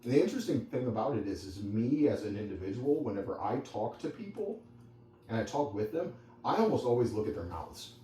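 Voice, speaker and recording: A man's voice: lowish voice, big pitch swings, fairly quick, dark tone. A man who trains dogs, teaching a small group in a conversational, rambling way with anecdotes and asides. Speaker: dog trainer. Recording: echoey room, distant mic, faint background noise.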